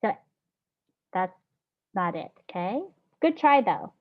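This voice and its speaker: Slow-paced woman teaching a class. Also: mid-range voice, animated. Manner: patient, encouraging, sounds out words slowly. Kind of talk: classroom phonics lesson. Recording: dull lo-fi classroom audio.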